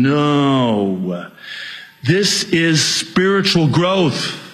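Middle-aged man preaching, unhurried delivery, insistent and self-mocking. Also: fairly high pitch, fairly bright tone, poor audio. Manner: exhorting, repeats key points, jokes at his own expense. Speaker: pastor. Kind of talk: sermon.

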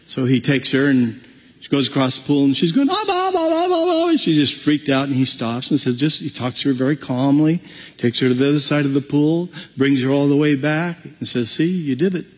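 A man preaching a sermon, telling stories in an animated way and acting out the voices. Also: mid-range voice, brisk, big-room sound, rough recording. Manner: animated storytelling, acts out voices.

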